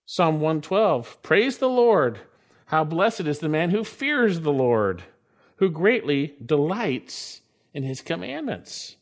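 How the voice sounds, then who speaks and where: A man preaching a sermon, reading Bible verses aloud and explaining them with emphatic, rising delivery on the quoted lines. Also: slow. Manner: expressive preaching, pitch swings up on quoted scripture; reads verses aloud with references. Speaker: pastor.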